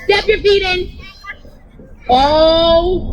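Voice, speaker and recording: A woman with a very high voice leads kids through an outdoor movement class, coaching playfully and cheering them on. She takes her words slowly and clearly, with a faint crowd chattering behind her on the grass. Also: dull audio, a little hiss or hum. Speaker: children's movement instructor. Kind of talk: energetic movement class for children.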